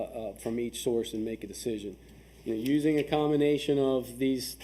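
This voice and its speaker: A man with a very dark, mellow voice and an average pitch walks a town meeting through budget figures. He is methodical, stopping often to ask "okay?", and he restarts a phrase now and then as he reads out the numbers. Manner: frequent restarts and fillers while reading numbers. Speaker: town official presenting finances. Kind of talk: explaining budget figures at a public work session.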